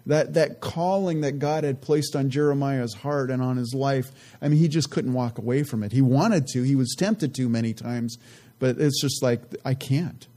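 Mellow-voiced man teaching scripture. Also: mid-range voice. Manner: earnest, relaxed, many "you know" asides; reads scripture aloud slowly and deliberately. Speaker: Bible teacher. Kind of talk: conversational Bible teaching.

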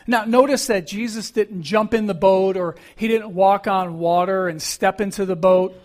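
A man's voice: high-pitched, normal speed, darkish tone. A middle-aged man preaching a sermon as pastor, earnest and emphatic, repeating key phrases.

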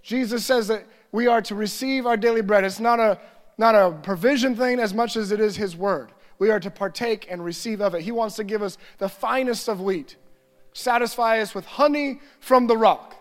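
A male pastor with a high voice delivers an earnest sermon from the pulpit. He stacks short phrases into lists and eases into soft, prayerful reading. The sound carries a long hall reverb. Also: moderate pace.

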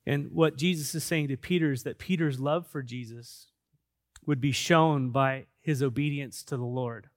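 A male pastor delivers a sermon in a middle-pitched voice, earnest and emphatic. He slides from soft, slowed passages into louder bursts of conviction. The sound is dry and close, with no room around it. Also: no room sound. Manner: earnest, emphatic preaching that swings between soft and loud.

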